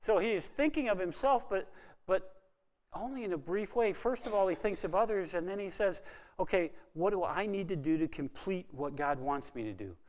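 Male preacher, sermon delivery, soft quotes and rising emphasis, reverberant hall sound. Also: sits high, animated, normal speed. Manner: swings between hushed quoting and rising emphatic preaching.

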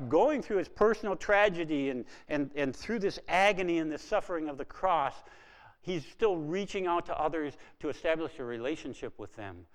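A man preaching a sermon, dropping to a hush when quoting and rising to emphatic, building appeals. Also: on the high side, lively intonation, normal speed, long reverb tail.

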